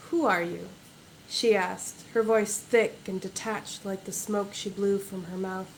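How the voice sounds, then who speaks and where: A woman author reading her historical fantasy novel aloud in a measured, even way. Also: mid-range voice, a little hiss or hum, poor audio.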